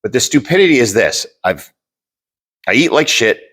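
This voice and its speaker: A man's voice: mid-range voice, big pitch swings, moderate pace, a bit bright. A man who owns a gym, co-hosting a podcast in a blunt, casual way and swearing freely. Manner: blunt, swears freely, talks through examples. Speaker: podcast co-host and gym owner. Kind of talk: casual chat.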